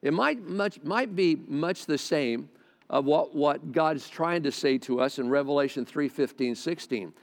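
A man's voice: on the high side, unhurried, gravelly. A male pastor preaching a sermon to a congregation on a close microphone, talking conversationally with stammered restarts and side remarks. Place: large hall with a congregation. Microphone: close mic near the face. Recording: long church-hall reverb.

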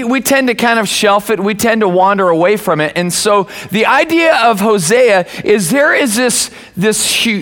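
A middle-aged man preaching a sermon as pastor, telling a family story with many restarts and lively acted-out quotes. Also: sits high, long reverb tail. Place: church.

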